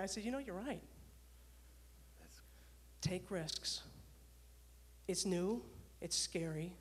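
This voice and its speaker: A woman giving a motivational talk to an audience and telling a story from her dispatcher days in a lively way. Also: lowish voice, slow, pauses often, slightly rough. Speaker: speaker, former dispatcher and leadership coach.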